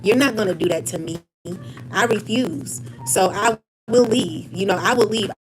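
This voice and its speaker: A woman vents in a heated, profane personal rant, stumbling over restarts and repeating her points. Her voice sits at a middling pitch for a woman. Music plays clearly behind her the whole time. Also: moderate pace, rough recording. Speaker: vlogger. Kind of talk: angry personal rant to camera.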